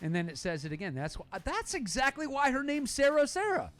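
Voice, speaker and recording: Lively high-voiced joking man host. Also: brisk, faint music behind. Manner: playful, rambling, jokey. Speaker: talk show host. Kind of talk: live sports talk, reading viewer comments.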